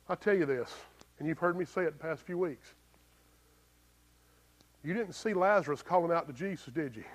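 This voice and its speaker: A pastor preaching a sermon in a plain-spoken, folksy way, swinging between loud emphatic bursts and low, quiet lines and asking the congregation rhetorical questions. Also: male voice.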